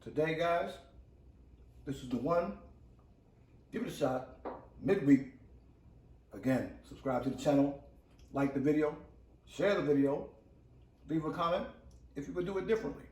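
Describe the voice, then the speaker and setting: A man's voice: a little high, normal speed, long pauses, darkish tone, roomy sound, far from the mic, low-quality recording. A middle-aged man hosting a home cooking vlog in his kitchen, chatty and joking, calling his viewers "cooks".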